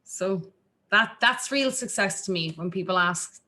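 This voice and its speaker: An Irish woman from Ireland, a singer-songwriter chatting casually as an interview guest, animated and full of restarts. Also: a little slow. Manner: animated, acts out quotes in a jumpy high voice, lots of restarts.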